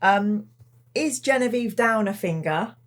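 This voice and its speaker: A woman's voice: mid-range voice, lively intonation, measured pace. A woman hosting a book club podcast, enthusiastic and laughing often in a casual chat.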